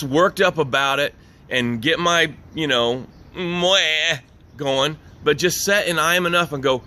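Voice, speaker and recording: A man's voice: a little high, animated, measured pace, sharp tone. A middle-aged man giving an earnest motivational talk as a business coach, repeating his key phrases for emphasis.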